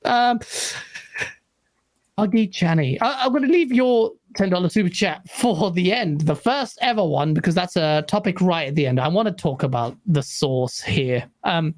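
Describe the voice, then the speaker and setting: Excitable woman hosting a live stream. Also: on the low side, moderate pace. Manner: excitable, reads out viewer messages, ranting. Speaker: host. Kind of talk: live gaming stream talk.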